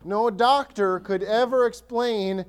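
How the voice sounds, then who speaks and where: A man preaching a sermon as pastor, conversational and animated, often restarting his sentences and acting out scripture. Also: high voice, takes it slowly, clear, resonant tone.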